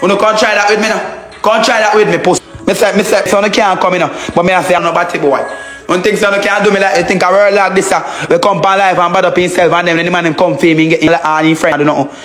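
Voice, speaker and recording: A Jamaican man pours out an angry, insult-laden livestream rant in a high, quick voice. He repeats himself as he goes, talking into a phone. Faint music hangs underneath. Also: fairly even intonation, a bit bright.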